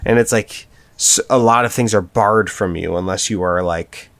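A man's voice: lowish voice, normal speed, fairly bright tone, dry recording. A man co-hosting a podcast, talking through song lyrics in an earnest, thoughtful way, laughing often and saying "like" a lot. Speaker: podcast co-host. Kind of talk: casual chat about song lyrics.

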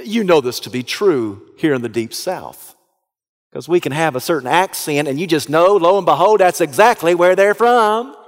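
A Southern American man preaching with a slightly high voice, retelling the story in an animated, dramatic way and breaking into loud bursts. His voice rings out with a long reverb, as in a large hall. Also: moderate pace. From Southeastern United States. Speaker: pastor. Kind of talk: sermon storytelling.

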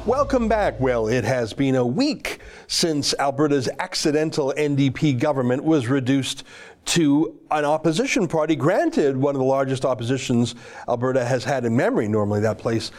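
A man's voice: medium pitch, expressive, moderate pace, darkish tone. A man hosting an opinion commentary show, delivering a sarcastic, emphatic, heated monologue.

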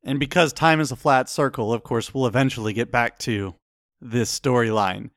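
A man's voice: mid-range voice, normal speed, fairly bright tone, dry recording, clean studio sound. A man co-hosting a film discussion, mixing scripted narration with playful, wry banter. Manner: playful, wry, self-deprecating. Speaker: co-host of a film discussion show.

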